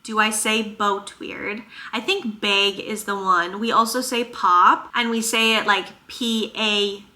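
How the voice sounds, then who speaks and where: Young woman vlogger from northern Minnesota, middle-pitched, bright tone, casual animated chat. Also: slow pace. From northern Minnesota, USA. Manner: chatty, animated, emphatic repeats. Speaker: chiropractor and vlogger. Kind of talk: casual get-to-know-me chat.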